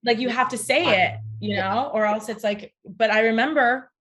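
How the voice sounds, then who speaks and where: A woman's voice: on the high side, normal speed, fairly bright tone. A young adult woman telling a personal story as a podcast guest, blunt, profane and sarcastic. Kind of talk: candid casual conversation.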